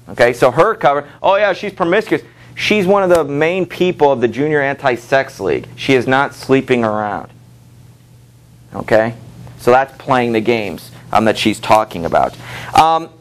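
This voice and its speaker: Casual male teacher lecturing a class. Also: mid-range voice. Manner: conversational, reads and acts out quotes from the book. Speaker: high school literature teacher.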